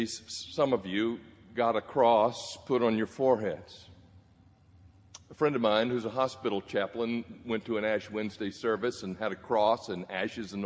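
Male pastor, mid-pitched, storytelling sermon with gentle humor, long church reverb. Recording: reverberant hall.

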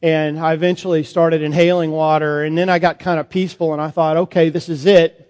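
A man, a priest, performing a first-person Bible monologue in a sermon, conversational and halting with fillers. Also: on the high side, flat delivery, darkish tone. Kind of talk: dramatic monologue as Peter in a sermon. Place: church sanctuary. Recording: long church reverb.

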